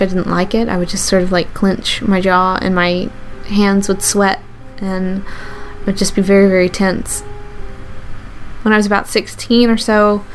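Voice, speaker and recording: A woman recounts a true story from her own life, speaking earnestly and haltingly, often starting a phrase over. Her voice sits at a middle pitch. A faint hiss runs underneath. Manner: earnest, halting delivery with restarts. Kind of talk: first-person true story told to an audience.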